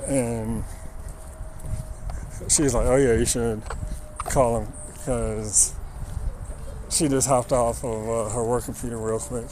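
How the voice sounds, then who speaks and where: A man at an everyday middle pitch tells a wry, rambling story to his live stream, leaning on "like" as he goes. He is outdoors, with a faint wash of outdoor noise behind him. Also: fairly even intonation, slow pace, long pauses, darkish tone, low-quality recording. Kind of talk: casual storytelling.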